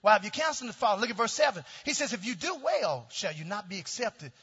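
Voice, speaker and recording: A middle-aged male pastor preaching a sermon with call-and-response, swinging from shouts down to low, quiet tones. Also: big pitch swings, quick pace, husky. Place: church sanctuary. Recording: dull sound with long hall reverb.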